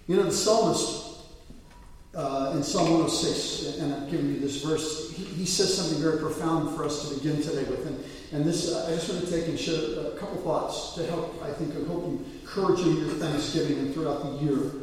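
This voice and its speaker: Male pastor, sermon storyteller who builds to loud peaks; slightly high voice, distant mic, long church reverb. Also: fairly quick. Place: church sanctuary. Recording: echoey hall, mic from afar.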